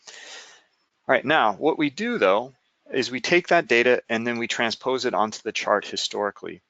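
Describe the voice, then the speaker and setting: A man explaining trading software in a screen-share walkthrough, with many "uh"s and "okay?" check-ins. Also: medium pitch, no echo, dull audio.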